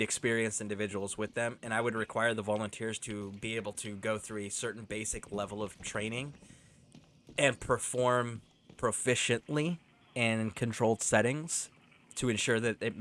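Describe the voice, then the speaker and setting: A man's voice: lowish voice, pushed and bright. A man streaming a video game, chatting casually, laughing often and swearing freely as he tells stories. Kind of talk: casual live-stream chat with storytelling.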